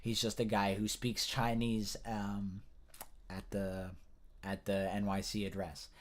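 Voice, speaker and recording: Low-voiced man ranting about the news. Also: monotone, slow pace. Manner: rambling, profane, frequent restarts. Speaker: political commentator. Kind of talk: casual news commentary rant.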